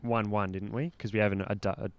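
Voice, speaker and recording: A young Australian man co-hosting a podcast in laid-back casual chat, dropping low and quiet as he retells a story. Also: little pitch movement, fast talker, smooth. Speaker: podcast co-host.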